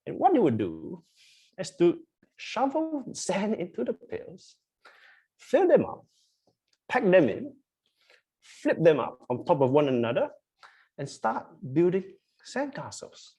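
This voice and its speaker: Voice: medium pitch, huge pitch swings, slow pace, long pauses, mellow, husky. A preacher giving a sermon to a congregation, emphatic and repetitive, often asking the listeners questions. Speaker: pastor. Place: church.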